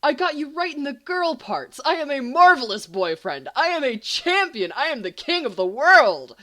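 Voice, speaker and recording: Woman reader doing a bumbling schoolboy boyfriend, apologetic and bragging, lively delivery, amateur audiobook. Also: lowish voice, unhurried. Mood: giddy, boastful. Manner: flustered then giddy boasting. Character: young male student, bumbling and boastful.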